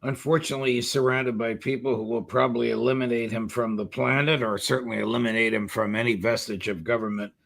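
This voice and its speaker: A man's voice: mid-range voice, steady tone, fast, vocal fry, few pauses, a bit bright. A male host of a political interview show, making indignant and sarcastic asides.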